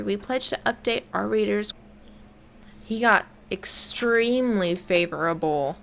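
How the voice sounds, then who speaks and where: A woman's voice: mid-range voice, creaky, fairly bright tone, a little hiss or hum. A young woman casually commenting on a game and reading its text aloud, swearing offhandedly and stumbling over long words. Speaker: game streamer.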